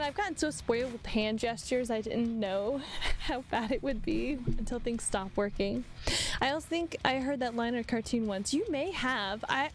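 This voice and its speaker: A young woman chatting casually with her stream while she draws, rambling and laughing often. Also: high voice. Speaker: vtuber art streamer. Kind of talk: casual livestream chat while drawing.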